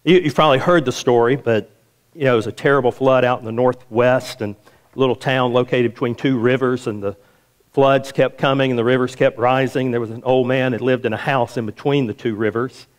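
A pastor delivers a sermon in a church sanctuary, a little fast and with fairly even intonation, telling a story and voicing its characters at a higher pitch.

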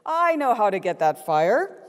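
A woman's voice: mid-range voice, sing-song, a little slow. A vain male possum boasts about his looks, as a woman telling a story puts him on. He is showy and self-satisfied, and his voice carries a long hall reverb. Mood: boastful. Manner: proud, showy bragging.

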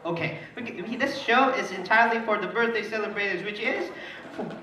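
A man's voice: sits high, a little fast, pushed and bright, a little hiss or hum. Playful man emceeing a party. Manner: playful, teasing, laughs often. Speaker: party entertainer. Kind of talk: party emcee with audience banter. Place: indoor party venue. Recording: echoey party hall, distant mic, crowd.

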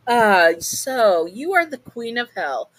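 A woman's voice: a little high, big pitch swings, slow pace, a bit bright, pitched above the performer's own voice, full character voice. Woman putting on a smarmy male radio demon. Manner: theatrical, teasing.

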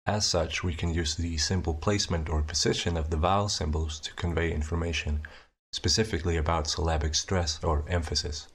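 A young man narrating a scripted explanation of his invented writing system, measured and methodical, slowing down to sound out each example. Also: low voice, steady tone, slightly rough. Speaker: conlang creator presenting his language.

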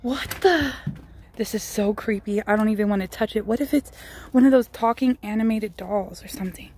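A woman's voice: mid-range voice, a little fast, darkish tone, a little hiss or hum. A woman vlogging a staged scare, giggling and exclaiming breathlessly in mock fright. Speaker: family vlogger. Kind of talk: staged prank vlog.

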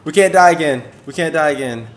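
Talking his way through gameplay, a young gaming video host is jumpy and excitable, letting out frequent yelps and swearing. His voice is a little high, and he talks fast in a casual way.

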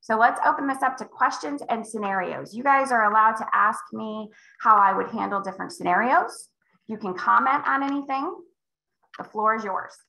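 A woman sales coach leading a live call, emphatic and acting out client conversations with big swings in pitch. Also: normal speed, gravelly, pushed and bright, reverberant, low-quality recording. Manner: emphatic, role-plays client dialogue with big pitch jumps. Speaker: real estate sales coach.

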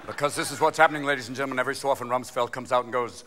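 A man performing live stand-up comedy on a theater stage, manic and rapid, often jumping into character voices and shouts. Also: medium pitch, fairly even intonation. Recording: live theater recording with crowd noise. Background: audience laughter.

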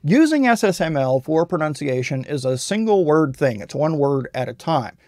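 A man narrating a software tutorial voice-over in a plain, explanatory and self-deprecating way, recorded on a close mic. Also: on the high side, big pitch swings, normal speed, no echo. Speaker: tutorial host.

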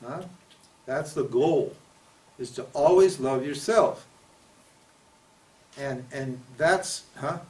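A man's voice: mid-range voice, slow, long pauses, a little mellow. A man giving a spiritual teaching talk in a conversational way, often asking his listeners questions and acting out the prayers people make. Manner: conversational, asks the audience questions, acts out quoted prayers. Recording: voice picked up from a distance.

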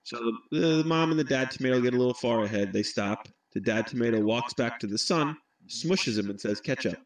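A man telling a corny joke to a stranger on video chat, deadpan. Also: medium pitch, brisk. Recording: echoey room.

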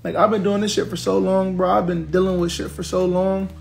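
Young dude venting on his live, high gravelly voice, cussing out commenters. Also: little pitch movement, brisk, darkish tone. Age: 20s. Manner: blunt, profane, ranting at commenters. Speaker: social media personality on a livestream. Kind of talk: venting on a livestream.

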